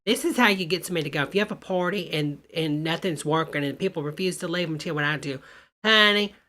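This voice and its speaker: A woman's voice: low-pitched, fast, sharp tone, soft background music. A woman hosting a live reaction stream, sassy and exclaiming, calling her viewers honey and y'all. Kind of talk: casual live commentary.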